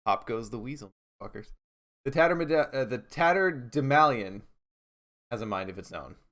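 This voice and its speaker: A man's voice: mid-range voice, animated, normal speed, fairly bright tone. A man co-hosting a podcast, playing a card game with wry, profane jokes and dramatic card reading. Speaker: podcast co-host and player. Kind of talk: casual board game play with joking commentary.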